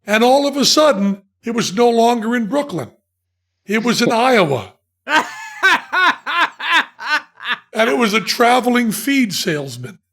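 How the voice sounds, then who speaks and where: A man's voice: very high-pitched, measured pace, pauses often. A man hosting a podcast who tells a comic anecdote and laughs in the middle of his sentences. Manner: animated storyteller who laughs mid-sentence. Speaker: podcast host. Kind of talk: comic storytelling chat.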